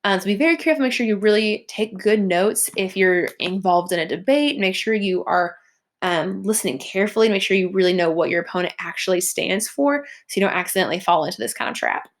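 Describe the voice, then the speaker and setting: Chatty teacher with lots of fillers. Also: female voice, medium pitch, quick pace. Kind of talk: recorded classroom lecture over slides.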